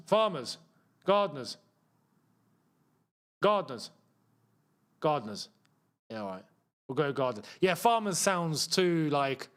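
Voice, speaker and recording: A young man hosting a live football watchalong, chatting to his viewers and reacting loudly to missed chances. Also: on the high side. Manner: excitable, shouts at missed chances, banters with chat. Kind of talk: live match watchalong commentary.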